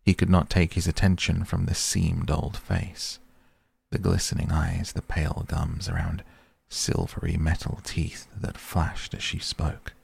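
A man narrating an audiobook in a measured, grave storytelling manner, recorded on a close studio mic. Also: deep voice, gravelly, a little mellow, husky. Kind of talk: scripted narration.

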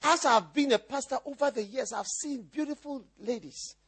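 Husky high-voiced male pastor preaching. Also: moderate pace. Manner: teasing, repetitive, bursts into shouts and laughter. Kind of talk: preaching sermon.

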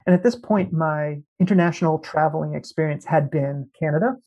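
A man with a gravelly, husky voice spins casual anecdotes in conversation. He is an animated storyteller who slips into the voices of people in his stories. His tone is rough-edged and slightly breathy. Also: on the high side, fairly quick. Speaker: guest.

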